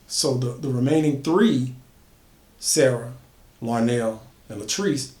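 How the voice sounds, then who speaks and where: A man's voice: mid-range voice, takes it slowly, mellow. A man casually telling an original horror story, building emphasis by repeating phrases. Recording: echoey room.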